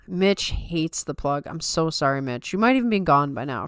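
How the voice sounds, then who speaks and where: Smooth casual woman podcast host. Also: deep voice, expressive, moderate pace, a bit bright, no echo, studio quality. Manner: rambling, self-mocking, playful Valley Girl lilt. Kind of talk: casual chat.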